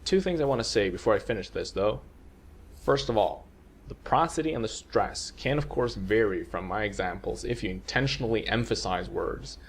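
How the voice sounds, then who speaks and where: A man calmly explaining a language lesson, played from a video. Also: on the low side, moderate pace, slightly rough. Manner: calm, explanatory. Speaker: language teacher.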